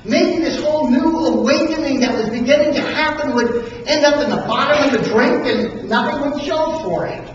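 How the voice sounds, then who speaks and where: A preacher delivering a sermon as dramatic storytelling, with emphatic pauses. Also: high-pitched, a little hiss or hum. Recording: echoey hall from far off, dull and lo-fi.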